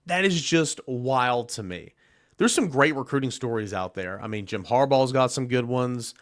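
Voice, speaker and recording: A man hosting a sports podcast, retelling a recruiting story in an animated way and acting out the quotes. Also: mid-range voice, normal speed, no room sound, clean studio sound. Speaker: podcast host. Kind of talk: casual sports podcast monologue.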